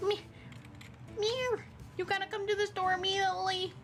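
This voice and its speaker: A woman voicing a small male cat who meows and urgently warns about a killer, in a high squeaky voice. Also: slow, a bit bright, heavily acted. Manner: squeaky, insistent, breaks into meows.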